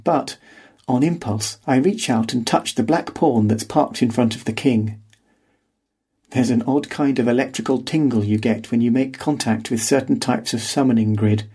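A man's voice: medium pitch, a little mellow, husky. A man narrating a first-person story in a dry, wry storytelling manner. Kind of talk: scripted fiction narration. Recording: podcast audiobook reading.

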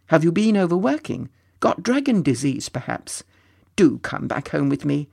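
A storyteller voicing an impatient young male friend who talks briskly and gets exasperated. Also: medium pitch, big pitch swings, vocal fry, darkish tone, breathy edge, no room sound, clean studio sound, exaggerated voice.

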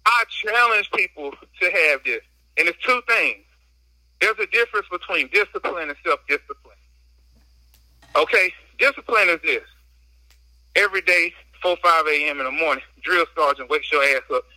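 A man with a high, very bright and sharp voice speaks into a phone while out walking, a little out of breath. His delivery is emphatic and full of slang as he vents in a casual podcast chat. The sound is dry and close, with no room around it. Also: normal speed, no room sound, poor audio. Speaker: podcast guest. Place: outdoors on a walk.

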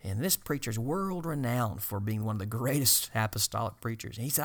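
A man preaching to fellow preachers, earnest and exhorting, often pausing on filler sounds. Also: medium pitch, lively intonation.

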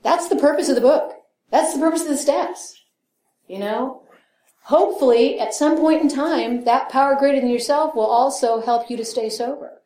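In a reverberant meeting hall, a middle-aged woman speaks candidly at a recovery meeting in a high-pitched, mellow voice at normal speed. She swears freely, mocks herself, laughs often and acts out the voices of the people she quotes.

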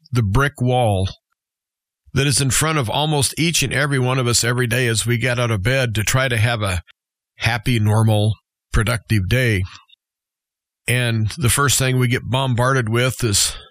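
Regular guest host, male, mid-range voice, weak and halting after being ill, dry studio sound. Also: medium pitch, fairly bright tone, no echo. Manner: halting, slow, plain-spoken phrasing. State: weak voice from recent illness. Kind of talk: radio talk monologue.

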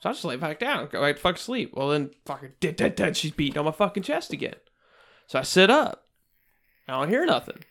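A man's voice: fairly high pitch, big pitch swings, brisk, vocal fry, fairly bright tone. A man telling a story on his podcast in casual, profane chat, blunt and plain-spoken. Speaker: podcast co-host.

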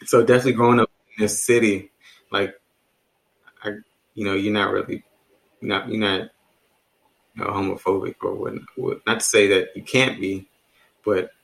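Male podcast co-host from D.C., low voice, laid-back and reflective, lots of fillers. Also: moderate pace, gravelly, long pauses, rough recording. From Washington, D.C. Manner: relaxed, reflective, many "you know" fillers. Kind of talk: casual conversation.

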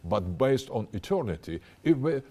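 A man's voice: mid-range voice, big pitch swings, mellow. A man giving a long answer in an interview, lecturing step by step and often stopping to search for words. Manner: halting, searching for words with frequent restarts; lecturing, building an argument step by step. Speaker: interview guest. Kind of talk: interview, extended explanation.

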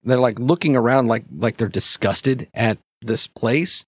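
A man's voice: mid-range voice, unhurried, no echo, clean studio sound. A man narrating a tabletop role-playing game as game master, rambling with many fillers.

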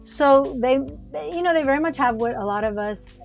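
Faint music sits behind this American podcast co-host as she recounts something from her own life in a casual, meandering conversation. Her voice is high and creaky, her pace fairly quick, and her delivery lively but full of false starts.

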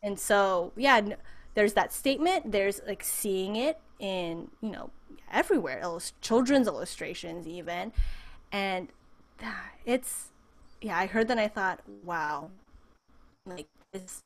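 A woman's voice: mid-range voice, animated, a little slow. A woman raised in the United States, a podcast guest in a casual interview, talking with animation and acting out the voices she quotes.

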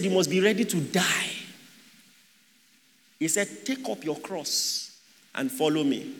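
A man's voice: high voice, fairly bright tone. A man preaching a sermon, asking the congregation rhetorical questions and joking with them. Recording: long hall reverb.

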